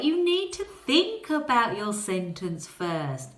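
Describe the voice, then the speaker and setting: A woman teaching a phonics lesson to young children, talking in a slow, encouraging way and coaxing them to answer. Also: mid-range voice, huge pitch swings, echoey room.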